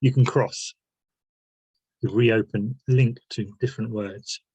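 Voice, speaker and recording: Slow, gravelly man guiding reflection. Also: lowish voice, steady tone, a little mellow, no echo, dull audio. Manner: reflective, asks many questions, pauses and restarts. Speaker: workshop leader. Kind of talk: guided self-help talk.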